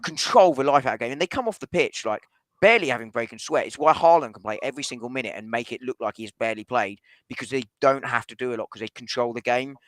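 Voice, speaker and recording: A man on a casual football podcast, making his case quickly and carefully, often hedging and restarting. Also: medium pitch, fairly bright tone, no room sound. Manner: fast, reasoned, hedging with restarts. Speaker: podcast panelist.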